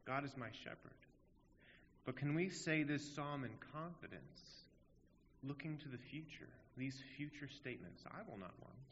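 A man's voice: on the high side, animated, measured pace, a bit bright, a little hiss or hum. A man preaching a sermon in an earnest, emphatic way, asking rhetorical questions. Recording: dull audio in a long-reverb hall.

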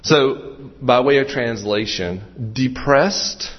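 Husky guy preaching a sermon, chatty and self-mocking, kinda muffled lo-fi sound. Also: medium pitch, takes it slowly. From Western Maryland. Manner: conversational, self-deprecating, with restarts and asides. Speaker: pastor.

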